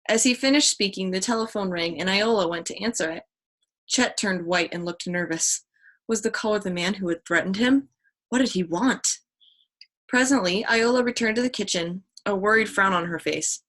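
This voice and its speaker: A woman's voice: mid-range voice, normal speed, a bit bright. A woman reading a children's mystery novel aloud, who sometimes stumbles and restarts a word. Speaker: audiobook reader.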